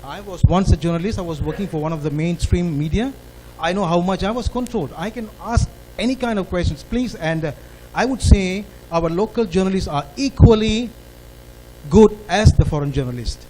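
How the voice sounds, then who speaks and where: A man's voice: high-pitched, moderate pace, warm tone, slight background noise, low-quality recording. A man with a Malaysian English accent, a former journalist and lecturer, asking earnest, emphatic questions at a public forum. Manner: earnest, emphatic, rising to stress points. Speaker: audience member asking a question.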